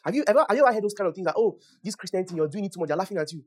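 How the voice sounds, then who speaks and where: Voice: mid-range voice, animated, rapid-fire. Preacher teaching and praying in tongues. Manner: conversational, asks the listeners questions, laughs often; prays aloud in tongues, rising in loudness. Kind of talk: sermon and prayer.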